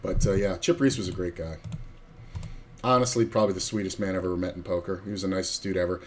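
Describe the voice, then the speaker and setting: Casual, rambling low-voiced male streamer. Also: steady tone, fast, a little hiss or hum. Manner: profane, rambling anecdotes with acted-out quotes. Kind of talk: casual storytelling on a poker stream.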